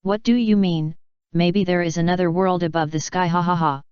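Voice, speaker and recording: A woman's voice: on the low side, fairly even intonation, normal speed, clean tone, dry recording, lightly acted. A woman voicing a boastful, mocking adult male pirate in a sneering manner. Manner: sneering, laughing. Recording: dry, slightly dull recording.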